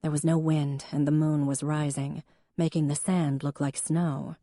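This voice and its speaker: A woman narrating a romance novel in an even, intimate storytelling manner. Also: sits low, measured pace, no room sound. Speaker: audiobook narrator. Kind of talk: scripted narration.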